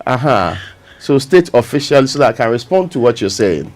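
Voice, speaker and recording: A man's voice: medium pitch, big pitch swings, fairly quick, over loud music. A man hosting a morning radio show, earnestly urging listeners about road safety. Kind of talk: casual studio chat, road safety message. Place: radio studio.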